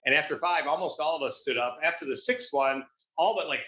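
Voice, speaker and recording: An upbeat man talking as a guest coach in a casual interview, with a bright, forceful voice pitched a touch high. He speaks in a motivational way and often restarts phrases. The sound is dull and lo-fi, with a roomy echo around him. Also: quick pace.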